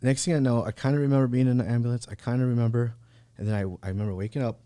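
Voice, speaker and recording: A man's voice: medium pitch, steady tone, racing, dark tone, clear, resonant tone. Laid-back man telling a story. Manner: laid-back, peppered with "bro" and "like". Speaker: podcast guest, real estate agent. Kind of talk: casual personal storytelling. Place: podcast studio.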